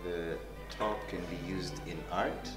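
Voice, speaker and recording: Deep-voiced hesitant man, distant and echoey. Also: steady tone, slow pace. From Nigeria. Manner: hesitant, thinking aloud, modest. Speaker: guest. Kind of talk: brainstorming out loud. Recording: distant from mic in echoey room, music behind.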